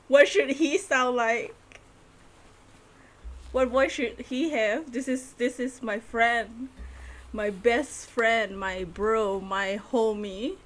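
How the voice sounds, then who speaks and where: A woman streaming a game live, chatting playfully and giggling as she reacts to the story. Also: fairly high pitch. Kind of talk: live game playthrough commentary.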